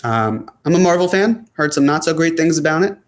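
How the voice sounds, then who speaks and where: A man with a slightly higher voice hosts a casual sports talk show. He reads out viewer comments and answers them in a loose, chatty way, with many fillers and restarts. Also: animated, a little fast. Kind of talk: casual chat.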